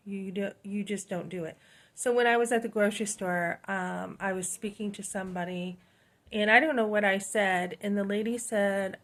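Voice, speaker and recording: A woman's voice: mid-range voice, fairly bright tone. Chatty woman. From New Hampshire, USA. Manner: chatty, frequent "um" and "you know", rambling. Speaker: channel host. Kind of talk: casual storytelling monologue.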